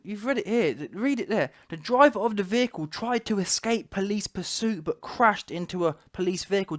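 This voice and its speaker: A man hosting a commentary channel, talking emphatically and repeating rhetorical questions. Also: high-pitched.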